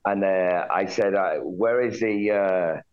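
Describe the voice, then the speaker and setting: A man from the United Kingdom, a guest telling a story in an interview, acting out quoted lines with lively jumps in his voice. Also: slow pace. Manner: animated retelling, jumps high for quoted lines. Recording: dull lo-fi line.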